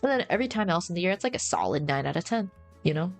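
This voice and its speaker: A woman's voice: fairly low pitch, expressive, racing, faint music behind. A woman streamer in casual, slangy livestream chat, rambling and answering her chat. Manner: rambling, slangy, says bro a lot.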